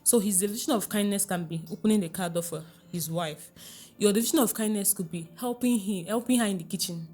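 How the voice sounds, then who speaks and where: A middle-aged Nigerian woman, a relationship coach being interviewed on a podcast, talking in a lively way, often laughing and asking whether the listener understands. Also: medium pitch, quick pace.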